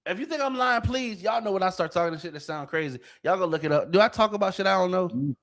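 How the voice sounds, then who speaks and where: A man's voice: sits high, expressive, fast talker, a bit bright. A man hosting a podcast, ranting in a heated, profane way and often restarting his sentences. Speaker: podcast host. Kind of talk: casual podcast rant.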